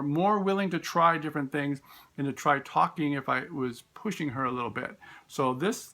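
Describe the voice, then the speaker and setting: A man, a special education teacher, telling classroom stories in a relaxed, storytelling way. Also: a little high. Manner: warm storytelling, acts out voices in quotes; frequent fillers and restarts. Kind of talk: informal talk with classroom stories.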